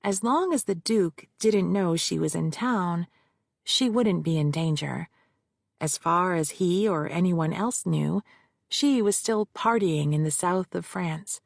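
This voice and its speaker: Woman narrator, low gravelly tone, dry close mic, measured first-person read. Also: dry recording. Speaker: audiobook narrator.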